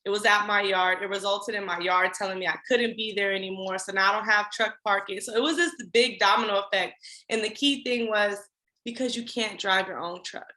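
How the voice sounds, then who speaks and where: Animated woman telling her story, bright voice. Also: mid-range voice, reverberant, poor audio. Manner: animated, acts out her past self with quick voiced asides. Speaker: podcast guest, trucking business owner. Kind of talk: candid storytelling interview.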